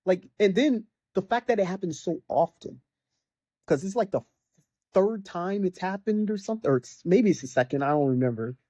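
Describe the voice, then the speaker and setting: Mocking the characters in exasperated bursts, a young man rambles casually about a video game with lots of fillers. His voice sits high and is expressive and mellow, at normal speed, with no room sound.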